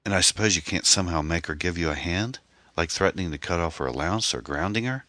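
A man voicing a gentle, reassuring suitor. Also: low voice, animated, fast talker, no echo, pitched above the performer's own voice. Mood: curious. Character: concerned, attentive middle-aged man on a date. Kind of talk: audiobook character voice.

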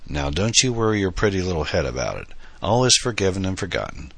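A kindly older uncle, as the narrator voices him, genial and fatherly, with a gentle teasing streak. The bright, slightly husky voice sits close in a dry recording. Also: low voice, big pitch swings, fast, no echo, pitched above the performer's own voice, exaggerated voice. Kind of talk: audiobook dialogue.

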